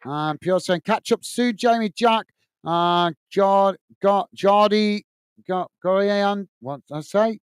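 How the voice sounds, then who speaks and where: High, smooth-voiced English man host. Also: slow pace, no room sound, studio quality. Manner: friendly, repetitive sign-offs with many fillers. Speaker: host of a football watch-along stream. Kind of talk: casual live-stream chat reading out viewer comments.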